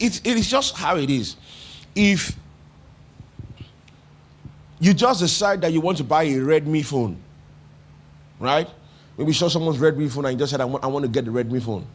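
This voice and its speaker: Nigerian preacher, conversational and questioning. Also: male voice, a little high. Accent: Nigerian English. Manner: repeats phrases for emphasis. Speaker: pastor. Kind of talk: sermon.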